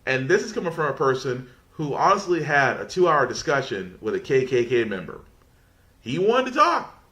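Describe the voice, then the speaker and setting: A man's voice: medium pitch, big pitch swings, normal speed, fairly bright tone. A man hosting a podcast, talking in a casual rambling monologue with frequent restarts. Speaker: podcast host.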